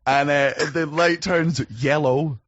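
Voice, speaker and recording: A British man telling a rambling, swearing anecdote on a casual podcast with deadpan asides. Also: fairly high pitch, slow, no echo, dull audio. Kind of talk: casual storytelling banter.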